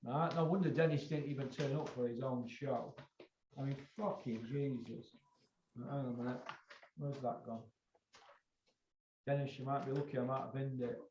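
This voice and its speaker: A man's voice: mid-range voice, steady tone, normal speed, pauses often, darkish tone, slight background noise. A man hosting a boxing chat show, blunt and lecturing, swearing freely. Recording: echoey, dull lo-fi room sound.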